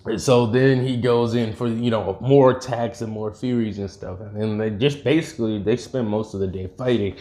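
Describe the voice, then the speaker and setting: A man's voice: lowish voice, fairly even intonation, normal speed, hardly any pauses, dark tone. A man casually retelling an invented fan story, rambling with many fillers and restarts.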